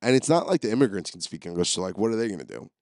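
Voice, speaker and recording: A man's voice: lowish voice, sing-song, very fast, a little mellow, no echo, clean studio sound. A man hosting a podcast, telling rambling, profane, jokey stories as a comedic solo monologue. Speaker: podcast host.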